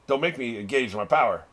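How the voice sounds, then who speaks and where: A man's voice: mid-range voice, a bit bright. A middle-aged man hosting a reaction video, chatting casually as he watches, swearing freely and laughing often. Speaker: reaction channel host.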